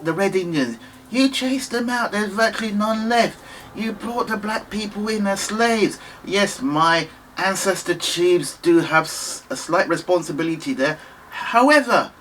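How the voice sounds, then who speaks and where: A British man in his fifties, giving an earnest, impassioned monologue to camera, halting often and restarting his sentences. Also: sits high, a bit bright, slight background noise, low-quality recording. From United Kingdom, Nigerian family. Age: 50s. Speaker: vlogger.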